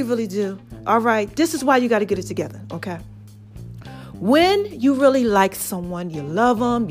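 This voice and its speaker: Speaking straight to her audience in a fairly high voice, a woman casually tells her viewers a story. She's animated and emphatic throughout.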